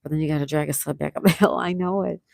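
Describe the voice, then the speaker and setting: Chatty gravelly woman reading comments. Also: low-pitched, steady tone, racing, a little mellow, no room sound, poor audio. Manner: chatty, reads viewer comments aloud and answers them. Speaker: livestream host. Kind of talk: casual livestream chat reading comments.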